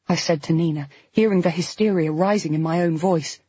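Breathy woman reading a novel aloud. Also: lowish voice, normal speed, hardly any pauses, no room sound. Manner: expressive, emotional reading. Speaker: audiobook narrator. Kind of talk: first-person novel narration. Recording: slightly dull, dry studio recording.

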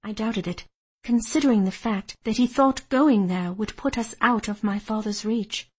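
A woman reading a first-person historical novel aloud in a measured, steady way. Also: mid-range voice, husky. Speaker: audiobook narrator. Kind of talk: first-person storytelling narration.

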